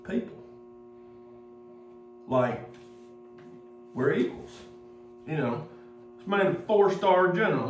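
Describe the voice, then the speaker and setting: A man, a pastor from Mississippi, telling a halting, rambling story in a sermon with many restarts. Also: mid-range voice. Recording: roomy echo, distant from the mic, faint music.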